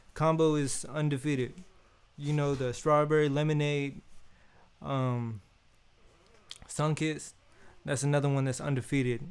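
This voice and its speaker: A man's voice: medium pitch, clear, resonant tone. A man from Oakland, hosting an unboxing in casual, slangy chat that keeps checking in with the listener. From Oakland, California. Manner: laid-back, slangy, keeps repeating "you feel me". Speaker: unboxing host.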